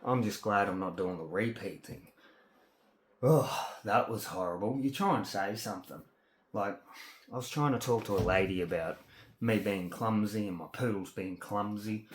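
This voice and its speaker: Agitated Australian man ranting, echoey room. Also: fairly low pitch. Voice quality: halting speech, stuck on words. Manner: agitated, rambling, swearing. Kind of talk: ranting personal monologue.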